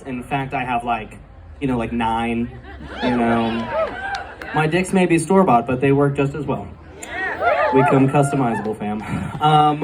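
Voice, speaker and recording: A man doing a stand-up comedy set in a live club, talking in a chatty way full of fillers and laughing at his own jokes. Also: a little high. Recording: live club recording from a distance, crowd noise. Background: audience laughter and club ambience.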